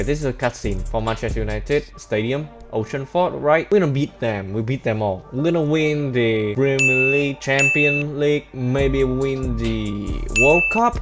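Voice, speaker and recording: A young man commentating his own football video game, speaking English with non-native grammar and getting loud and excited at big moments. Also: mid-range voice. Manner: excitable, yells at goals and saves. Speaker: gaming YouTuber.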